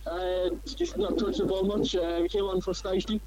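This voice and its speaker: A man phones in from a windy football ground to give a laconic, hesitant match report. His voice sits quite high for a man, and faint background noise runs under the call. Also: flat delivery, moderate pace, a little mellow, poor audio. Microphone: mobile phone.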